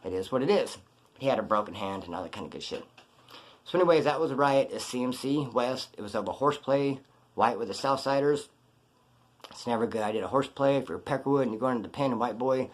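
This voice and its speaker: Fast-talking man telling a rough story. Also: medium pitch, animated. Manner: profane, blunt, street slang. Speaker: vlogger telling a prison story. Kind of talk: casual storytelling.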